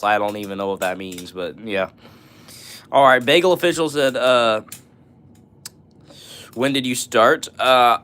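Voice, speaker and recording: A man's voice: mid-range voice, sharp tone, clean tone. A young man hosting a live stream, reading out viewer comments and answering them in a friendly, upbeat way with lots of "all right" and "bro".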